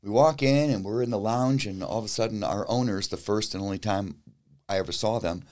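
A man with a fairly low voice tells a story as a guest on an interview show. He is animated and acts out what people said, with a few stammered restarts along the way. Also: a little fast. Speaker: guest musician.

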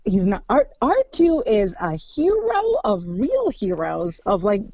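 Woman, slow gushing casual chat, lots of "like", dry, dull lo-fi sound. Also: medium pitch, huge pitch swings, warm tone, no echo. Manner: gushing, laughs often, lots of "like".

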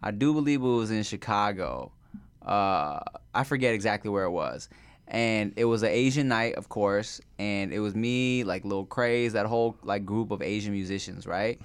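Smooth-voiced storytelling man. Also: on the low side, normal speed, no room sound. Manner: animated storyteller, frequent listening murmurs. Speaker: podcast co-host. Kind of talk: casual chat.

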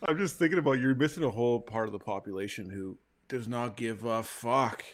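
A man's voice: medium pitch, fairly quick, a loud crowd. A man co-hosting a casual podcast chat, argumentative and incredulous as he makes his points. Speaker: podcast co-host.

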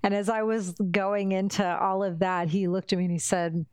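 A woman's voice: medium pitch, steady tone, moderate pace, darkish tone, clean tone, no echo. A woman hosting a casual interview, talking in an effusive, emphatic, spiritual way. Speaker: podcast host. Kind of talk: casual heartfelt interview chat.

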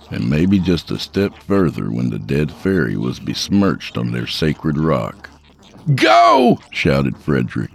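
A man reads a horror tale in a measured, dark manner. His voice is extremely deep and full of gravelly fry. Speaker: horror story narrator. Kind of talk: scripted narration.

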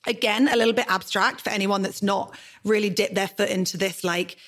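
Brief: woman podcast host, fiery and passionate, casual swearing, medium pitch. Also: fairly even intonation, fairly quick, a bit bright. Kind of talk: candid interview conversation.

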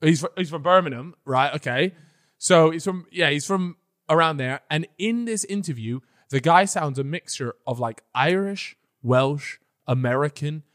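A man's voice: fairly high pitch, normal speed, a bit bright. A young man co-hosting a podcast, talking bluntly in casual banter with swearing and laughs. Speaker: podcast co-host. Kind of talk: casual chat.

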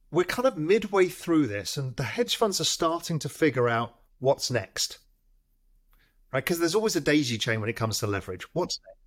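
A man, a guest in an interview, telling a long anecdote in a lively way, often restarting his sentences. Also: on the high side. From United Kingdom. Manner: lively, acts out phone calls, frequent restarts. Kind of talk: storytelling in a long-form interview.

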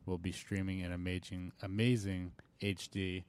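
A man on a talk show stream talking casually in a flat, monotone way. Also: sits low, normal speed, smooth. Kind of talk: casual chat.

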